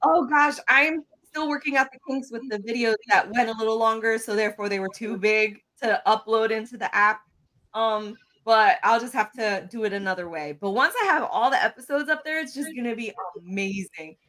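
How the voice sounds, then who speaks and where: A woman's voice: a little high, brisk, sharp tone. A bubbly woman who laughs easily, hosting a casual podcast on a video call. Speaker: podcast host.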